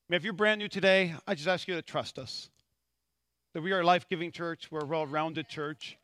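A pastor preaching a sermon, a man who swings from quiet to shouted and drops joking asides to the congregation. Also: on the high side, brisk, dry recording, studio quality.

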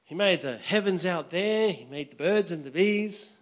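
A man's voice: high voice, lively intonation, normal speed. A pastor preaching a sermon in a conversational way, often checking in with his listeners.

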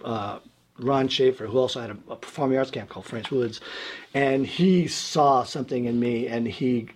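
Husky man telling stories. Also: mid-range voice. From Brooklyn, New York. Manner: rambling, animated, acts out other people's voices. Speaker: guest musician, tuba player. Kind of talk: casual storytelling interview.

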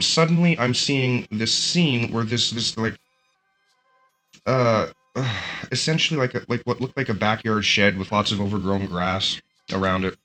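A man recounting a story in a casual, animated way, often restarting his sentences. His voice is low and bright, with faint music under it. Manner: animated, lots of fillers and restarts.

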